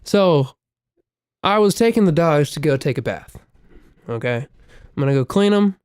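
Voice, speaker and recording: Guy with a kinda high voice telling swear-heavy stories on a podcast, gets loud when he acts out what he said. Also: a little slow, clean tone, no room sound, clean studio sound. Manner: profane, animated storytelling with loud exclaimed quotes. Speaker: podcast co-host. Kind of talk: casual chat, storytelling.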